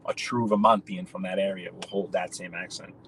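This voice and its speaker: A man's voice: sits low, little pitch movement, fairly quick, a bit bright, slight background noise, rough recording. Chatty New man talking while driving. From New York. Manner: rambling, chatty, addresses viewers by name. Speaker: live-stream host. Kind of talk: casual chat while driving. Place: in a car.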